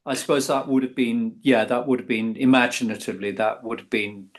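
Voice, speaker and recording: A man's voice: mid-range voice, fairly even intonation, a little fast. A man, a guest author, talking in a casual interview, hesitant and full of restarts. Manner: hesitant, many ums and restarts.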